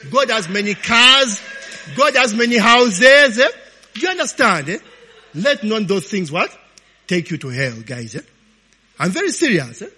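A man preaching, telling stories in an animated, informal sermon, often tagging lines with "eh?". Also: high-pitched, breathy edge. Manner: animated, peppers talk with "eh?" and laughs. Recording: long hall reverb.

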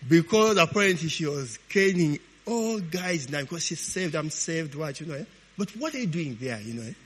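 A man preaching, telling stories in an animated, informal sermon, often tagging lines with "eh?". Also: fairly high pitch, a little fast, breathy edge. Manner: animated, peppers talk with "eh?" and laughs. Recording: long hall reverb.

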